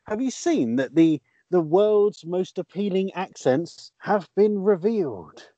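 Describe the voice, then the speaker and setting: Lively radio presenter man, muffled sound. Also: high-pitched, slow pace, no echo. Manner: quizzing co-hosts, playful. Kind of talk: radio chat.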